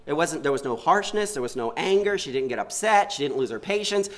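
A man delivering a sermon, his voice sitting a bit high and swinging widely up and down. He talks earnestly and keeps putting rhetorical questions to his listeners. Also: lively intonation, a little fast. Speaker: preacher.

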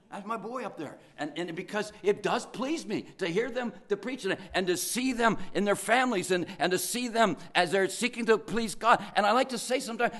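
High-voiced older man preaching fervently. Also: a bit bright. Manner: earnest, fervent preaching with slow, stressed phrases. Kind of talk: sermon.

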